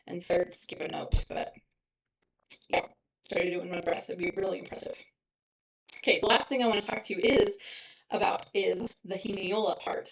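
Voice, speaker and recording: A woman teaches clarinet in a relaxed, conversational way, stopping now and then to sing a rhythm out loud. Her pitch sits in the middle range. A faint hiss and a few clicks come through under her voice. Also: poor audio. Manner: sings rhythms aloud to demonstrate. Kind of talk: casual music lesson.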